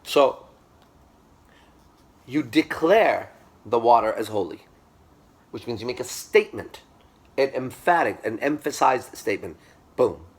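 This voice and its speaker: A man's voice: medium pitch, expressive, unhurried, long pauses, husky. Emphatic man lecturing a class. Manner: emphatic, repeats himself, asks the class to agree.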